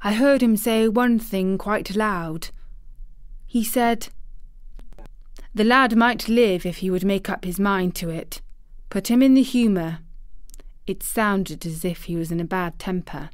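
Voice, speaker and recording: A woman voicing a sickly, resentful bedridden boy in a storybook reading, speaking slowly and crossly. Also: medium pitch, no echo, clean studio sound, close to an everyday voice. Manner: cross, restless, gloomy.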